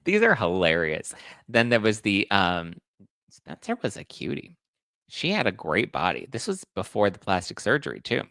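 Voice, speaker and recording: A man's voice: lowish voice, huge pitch swings, normal speed, vocal fry, pushed and bright, no room sound, studio quality. A man hosting celebrity gossip commentary, chatting to viewers in a gossipy way while he reacts to photos. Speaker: host.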